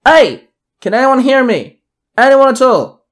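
A man's voice: a little high, moderate pace, close to an everyday voice. A man doing a barking young gang leader. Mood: shouting. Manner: barking orders, yelling. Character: young male gang leader, bossy, shouting orders.

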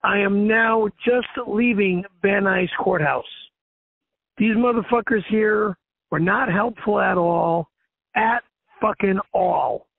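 A man rants in anger, cursing freely as he tells his story outside a courthouse. His voice is high, husky and gravelly. It sounds tinny and dry, like a phone recording. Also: no echo. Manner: angry, profane ranting. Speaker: internet show host. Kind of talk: ranting vlog.

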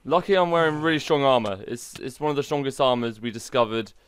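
A man hosting a gaming channel, chatting excitably and poking fun at himself while showcasing a game mod. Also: mid-range voice, fast talker, clear, resonant tone. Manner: excitable, chatty, self-mocking.

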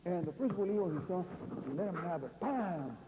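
Speaking briskly in a high, expressive voice, a guest lecturer from California meanders through story-laden remarks in a university lecture hall, regularly dropping rhetorical questions and "you see." The poor recording echoes and carries a faint hum.

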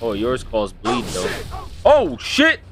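A young man giving loud, profane, excitable commentary while playing a video game. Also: mid-range voice, slow pace, a crowd in the background. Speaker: gaming streamer. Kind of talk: casual gameplay commentary.

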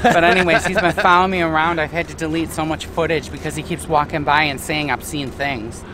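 A man's voice: fairly high pitch, fairly even intonation, brisk, background noise. A man co-hosting a vlog, talking bluntly and sarcastically into a camera outdoors near a cruise port. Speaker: vlog co-host. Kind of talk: casual video commentary.

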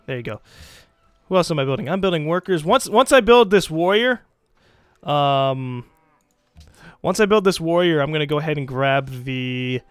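A young man giving casual, excitable commentary while playing a strategy game, swearing and teasing the computer opponents. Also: on the high side, smooth, no echo. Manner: excitable, swears, mocks game leaders in put-on voices. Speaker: let's play gamer.

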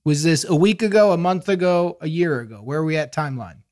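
A man's voice: fairly high pitch, fast talker, darkish tone, dry recording, clean studio sound. A man co-hosting a comedic advice podcast, grilling a caller with mock-serious leading questions. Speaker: co-host.

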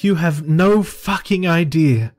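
A man's voice: fairly high pitch, takes it slowly, voice pushed up. A man reading aloud voices a cold, commanding and dangerous young woman in a horror story. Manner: commanding, intense.

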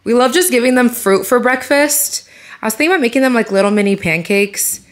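A woman's voice: a little high, animated, brisk. A young woman vlogging about her day as a mother, chatting casually with lots of "like" and "you guys", her voice nasal from a cold. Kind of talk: casual vlog chat. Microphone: handheld compact camera.

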